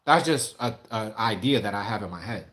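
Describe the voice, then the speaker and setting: A man's voice: on the low side, expressive, brisk, background noise. Candid rambling man chatting. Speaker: streamer answering viewer questions. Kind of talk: casual livestream chat.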